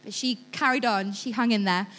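A woman's voice: medium pitch, a little fast. A young woman giving a sermon, telling a story with lots of laughter and acted-out voices. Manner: lively storytelling, acts out voices, laughs often. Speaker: church speaker.

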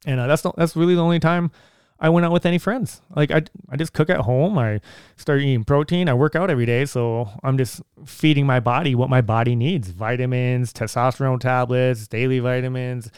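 Smooth-voiced man telling stories casually. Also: mid-range voice, fairly even intonation, a little fast, darkish tone, no echo, clean studio sound. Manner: rambling, with frequent restarts and filler words; earnest, advice-giving. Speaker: vlogger. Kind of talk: casual personal storytelling.

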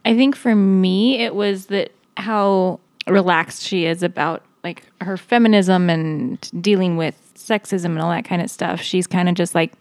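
A woman with a somewhat low voice, thinking aloud in a casual book discussion and often pausing on ums. Her sound is dry and close, with no room echo. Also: steady tone, darkish tone. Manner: thoughtful, hesitant, many ums. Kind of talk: casual group chat.

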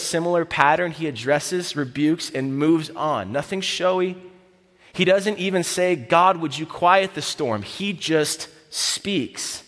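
A man preaching a sermon as pastor, telling the story vividly with repeated phrases and dropping to a hushed voice at key moments. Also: fairly high pitch, in a large hall.

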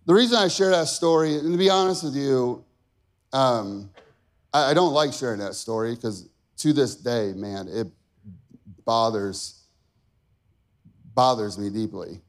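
A man preaching, telling a personal story with strong emotion that builds from quiet talk to shouted peaks. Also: mid-range voice, moderate pace. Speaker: pastor.

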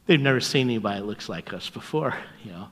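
An older man preaching as a pastor, telling stories in a folksy, chuckling way and dropping to a hushed voice at tender moments. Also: lowish voice, expressive, quick pace, long reverb tail. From North America. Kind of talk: storytelling sermon.

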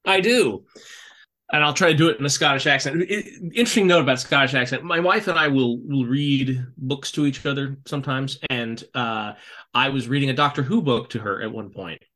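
A man's voice: medium pitch, a little fast, bright, forceful tone. A man co-hosting a casual podcast chat, talking in jokey, rambling asides. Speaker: podcast co-host.

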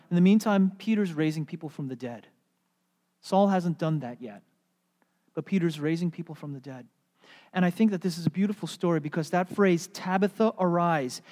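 A pastor preaching a sermon, animated and storytelling, then going soft and hushed. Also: medium pitch, in a large hall. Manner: animated storytelling, drops to soft hushed tones for quoted words.

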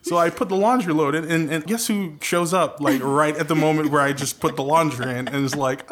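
A man's voice: fairly high pitch, fairly quick, few pauses, fairly bright tone. A young man from Trinidad and Tobago who speaks with an American accent, co-hosting a podcast and telling a story in a wry, self-deprecating way. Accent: American, Trinidadian roots. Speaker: podcast co-host. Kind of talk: casual chat.

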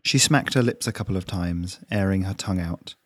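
A man, the author, gently reading his own short story at an unhurried pace. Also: low-pitched, dry recording, studio quality. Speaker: author and narrator.

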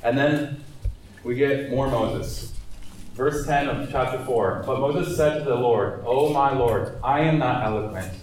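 A man's voice: mid-range voice, darkish tone, slight background noise. Echoey, distant man teaching. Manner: casual and earnest, with fillers and restarts. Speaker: evangelism trainer. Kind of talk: church training talk with scripture reading. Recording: very echoey room, mic far off.

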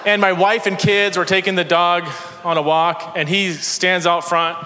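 A man's voice: sits high, fairly even intonation, moderate pace, bright, forceful tone. A man preaching a sermon in a church, telling stories with energy and self-deprecating humor. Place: church sanctuary. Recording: long church hall reverb.

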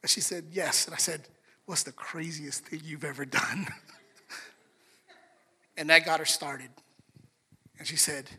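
A male pastor preaching a sermon, telling a story with lively, acted-out quotes. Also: a little high, measured pace, long pauses, husky. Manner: animated storyteller, acts out quotes. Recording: long reverb of a large hall, soft music behind.

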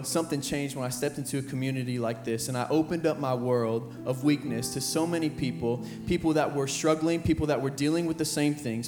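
A young man preaches an earnest sermon in a somewhat high voice, repeating his phrases as he builds. He is heard in a roomy church hall while a band plays clearly under him. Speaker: high school pastor. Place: church sanctuary with band playing behind.

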